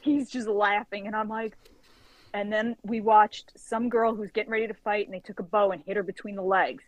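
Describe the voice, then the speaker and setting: Woman telling a story on a podcast, animated, does the dialogue herself, lots of "like", super dry sound. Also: mid-range voice, normal speed, no room sound, poor audio. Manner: lively storyteller who acts out quoted dialogue; frequent filler "like". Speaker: guest author. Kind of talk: casual anecdote telling.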